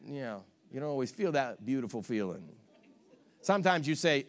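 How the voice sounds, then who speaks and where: A male pastor preaching a sermon, emphatic, with shouted lines and playful asides. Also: mid-range voice, big pitch swings, normal speed.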